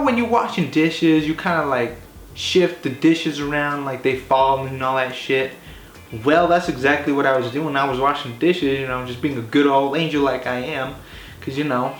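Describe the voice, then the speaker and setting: A man telling a comedy story in an animated, rambling way, swearing often and filling his talk with "like" and "you know". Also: mid-range voice. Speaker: comedy vlogger. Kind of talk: casual profane storytelling. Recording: echoey room with faint hiss.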